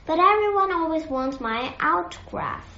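A woman voicing a vain, cross stage actor who booms and growls dramatically. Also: lively intonation, normal speed, bright, forceful tone, exaggerated voice. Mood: indignant. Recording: echoey muffled lo-fi recording.

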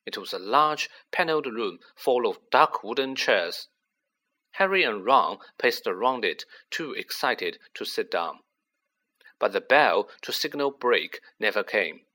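A man reading a fantasy novel aloud with a bright, ringing tone. His pitch swoops widely as he builds drama into each sentence, keeping it expressive. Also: a little slow. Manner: dramatic, animated delivery. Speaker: audiobook reader. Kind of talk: expressive storybook narration.

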